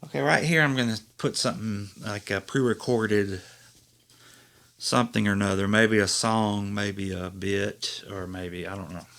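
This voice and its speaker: A man's voice: on the low side, normal speed, gravelly, a bit bright. A man hosting his own show in rambling, casual chat, often laughing at his own jokes. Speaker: host.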